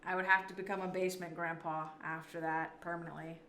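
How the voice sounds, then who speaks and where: A woman streams live and chats easily with her viewers, answering their messages as they come in. Her voice is bright and forward, and it bounces around an echoey room with a light hiss of background noise. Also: fairly low pitch, little pitch movement, fast talker. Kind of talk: casual live-stream chat.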